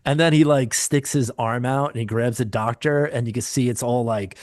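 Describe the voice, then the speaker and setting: A man's voice: medium pitch, normal speed, no room sound. A man co-hosting a podcast, spinning loose anecdotes. He acts out quoted lines as he goes. The sound is dry and close. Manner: animated storyteller, acts out quotes, laughs often. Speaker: podcast co-host. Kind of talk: casual chat.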